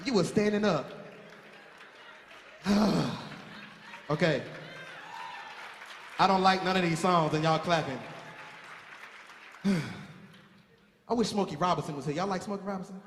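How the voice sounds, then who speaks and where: High-voiced man joking with a theater crowd. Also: background noise. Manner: joking, teasing the crowd, drawn-out sighs. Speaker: stage emcee and singer. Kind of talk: comic stage banter with a live audience. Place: theater stage with live audience. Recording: echoey theater hall with live music.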